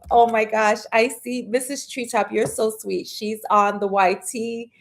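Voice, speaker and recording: A woman hosting a casual live stream, chatting and greeting viewers by name, with sudden high squeals of excitement. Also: normal speed, hardly any pauses.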